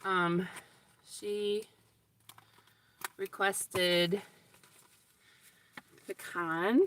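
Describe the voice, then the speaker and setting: A woman's voice: medium pitch, little pitch movement, drawn-out words. A woman vlogging on her phone from a windy lakeshore, chatty and shivering from the cold, breaking into gushing exclamations. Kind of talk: casual live-stream chat. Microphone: phone camera. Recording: loud wind noise on phone mic.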